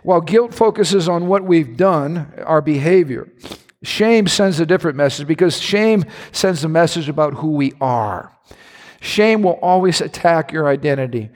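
High-voiced preacher man in a reverberant hall. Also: animated, moderate pace. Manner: impassioned, pitch climbing high when stirred. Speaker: pastor. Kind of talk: sermon. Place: large church hall.

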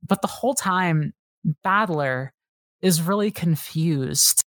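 A woman's voice: on the low side, lively intonation, slow, no room sound, studio quality. Chatty woman guest, lots of fillers. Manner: enthusiastic, rambling with many fillers and restarts. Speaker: podcast guest. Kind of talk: casual chat.

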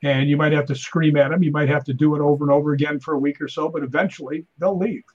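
A middle-aged man, a stuntman and paranormal investigator, telling animated stories in casual chat and acting out voices. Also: fairly high pitch, fast talker, breathy edge, muffled recording.

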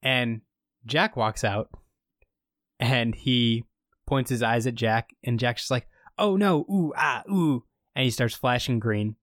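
A man's voice: medium pitch, level tone, slow pace, fairly bright tone, no echo, clean studio sound. A man co-hosting a podcast, casually recapping an episode in a rambling way, full of fillers. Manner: rambling storytelling with many fillers. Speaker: podcast co-host recapping a show.

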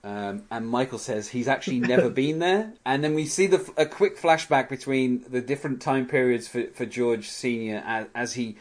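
A chatty male podcast host who walks through scenes of an episode in a loose, casual recap. He laughs often as he goes, and his voice sits at a middling pitch. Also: normal speed, hardly any pauses.

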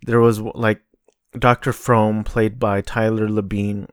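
A man's voice: fairly low pitch, level tone, takes it slowly, dry recording, studio quality. A man hosting his own podcast, talking alone in a casual, rambling way, profane and sardonic. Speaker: podcast host. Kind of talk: casual solo monologue.

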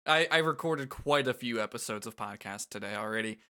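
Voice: medium pitch, a little fast, bright, forceful tone. A player reading a game script aloud in a casual read-through and joking along.

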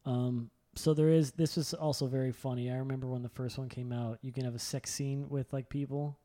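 A young man chatting casually and excitedly, rambling with lots of filler words and swearing. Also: mid-range voice, brisk. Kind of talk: casual chat.

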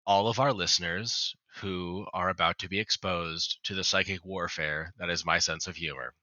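Joke-telling man with a bright, tense voice. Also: low-pitched, fairly even intonation, moderate pace, no echo, lo-fi sound. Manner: rambling storyteller with many restarts and swearing. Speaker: podcast co-host. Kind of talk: casual joke-telling chat.

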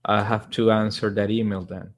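A man co-hosting a podcast, asking questions in a friendly, slightly halting way. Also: fairly low pitch, level tone. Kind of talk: casual podcast chat.

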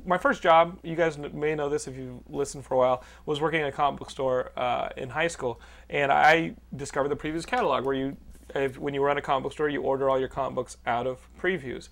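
Man, podcast host, casual chat, gravelly, teasing, profane. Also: mid-range voice, fairly even intonation, fairly bright tone. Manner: joking, profane, quick to tease.

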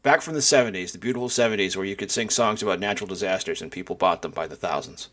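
A man's voice: low voice, very fast, a bit bright. A man co-hosting a casual podcast, telling stories with wry, dry asides. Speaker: podcast co-host. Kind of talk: casual chat.

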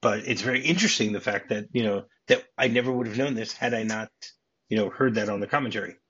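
A man's voice: fairly low pitch, fast talker, a bit bright, lo-fi sound, slight background noise. A man co-hosting a podcast, chatting casually and explaining film scenes and trivia at length. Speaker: podcast co-host.

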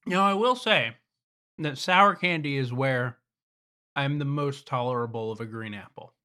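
A man's voice: medium pitch, measured pace, bright, forceful tone. A man co-hosting a casual snack review chat, laid-back and profane, often chuckling. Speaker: co-host.

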